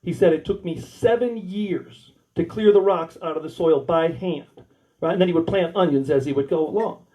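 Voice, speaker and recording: A man's voice: on the high side, normal speed, mellow, poor audio. A man with an American accent doing crude, rambling stand-up stories at a small warehouse comedy night, acting out the dialogue. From United States. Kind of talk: stand-up storytelling.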